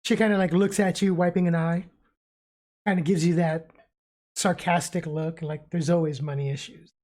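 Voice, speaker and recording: A woman narrating a tabletop game as game master, halting with many fillers. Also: fairly low pitch, steady tone, darkish tone.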